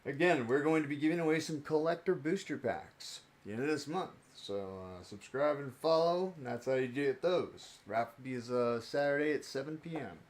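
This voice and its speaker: A man's voice: medium pitch, lively intonation, moderate pace, few pauses. A young man chatting casually on his live stream as he opens card packs, rambling and joking about himself.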